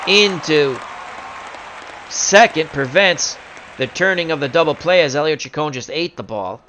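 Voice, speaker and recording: A man doing jokey play-by-play commentary on a simulated baseball game, bursting into loud excitement on big plays. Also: fairly high pitch, normal speed, a faint crowd, slight background noise.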